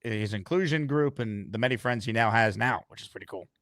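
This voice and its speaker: A man's voice: on the low side, brisk, fairly bright tone, no echo. A man hosting a call-in sports show, playful and teasing with callers. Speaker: host.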